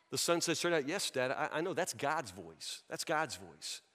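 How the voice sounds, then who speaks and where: A man's voice: a little high, big pitch swings, moderate pace, hardly any pauses, a bit bright. A man preaching a sermon as a pastor, telling a story in an earnest, pleading way and often repeating words. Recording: long reverb in a large hall.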